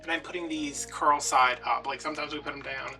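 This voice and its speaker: A man's voice: on the high side, fairly even intonation, brisk. Chatty man talking from a distance. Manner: rambling, chatty storytelling with many fillers. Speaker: DIY wreath-making host. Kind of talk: casual chatty vlog while crafting. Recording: distant mic with background music.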